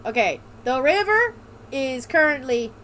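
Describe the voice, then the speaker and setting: A woman's voice: high-pitched, sing-song, unhurried, a bit bright, slight background noise. A woman hosting a let's play, joking around and reading game text aloud in a put-on drawl. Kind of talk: casual gameplay commentary.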